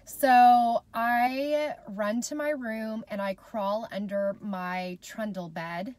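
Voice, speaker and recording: A woman's voice: on the high side, steady tone, slow pace, darkish tone, no room sound. Chatty heartfelt woman vlogger. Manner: chatty and heartfelt, speaks straight to viewers. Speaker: mom vlogger. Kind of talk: casual storytelling to camera.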